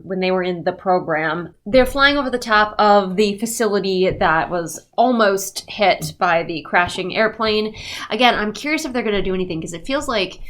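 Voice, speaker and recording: A woman's voice: mid-range voice, fairly bright tone. A congested woman giving a sarcastic recap of a novel, mocking the characters in put-on voices. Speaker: book reviewer. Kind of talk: sarcastic book recap commentary.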